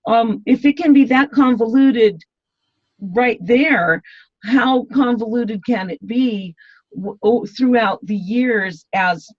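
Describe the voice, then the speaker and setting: A woman's voice: fairly high pitch, slow, dry recording. A woman guest in an interview, talking in a rambling way with many fillers and restarts. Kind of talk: casual interview talk. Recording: dull, dry lo-fi sound.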